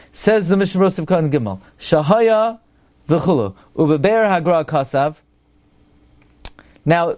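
A man's voice: on the high side, a little mellow. A man, a rabbi, giving an explanatory Torah study lecture, reading Hebrew passages aloud and translating them. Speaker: rabbi teaching a class.

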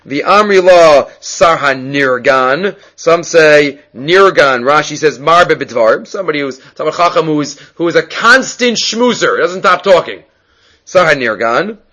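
A man leads a Talmud lesson in a fairly high voice. He explains the text step by step, pausing on fillers and restarting his sentences as he goes. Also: expressive, sharp tone. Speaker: Talmud teacher. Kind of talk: Talmud lecture.

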